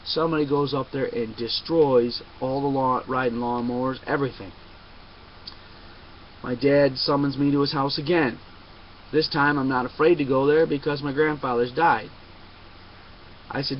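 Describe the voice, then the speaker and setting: A man's voice: mid-range voice, steady tone, moderate pace. A man telling a long personal story to a webcam, emphatic and insistent, often digressing. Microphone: webcam mic. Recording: dull lo-fi webcam audio with faint noise.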